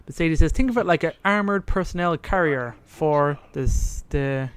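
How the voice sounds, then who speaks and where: Speaking at a moderate pace with a slightly high voice, a man co-hosting a podcast casually walks through a story. He voices the quoted lines as he tells it.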